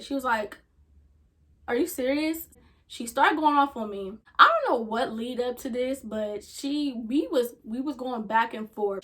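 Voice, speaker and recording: A woman's voice: a little high, a bit bright. A young woman vlogger telling a personal story in a casual, chatty way, often saying "like" and talking straight to her viewers. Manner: chatty, peppers speech with "like", talks straight to viewers.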